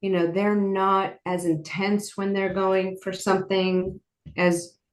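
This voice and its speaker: Casting: earnest woman guest, mid-pitch, chatty storyteller, echoey room. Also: level tone, slow. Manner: earnest, rambling with frequent "like". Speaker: guest, horse program founder. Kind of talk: personal storytelling in interview. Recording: roomy echo.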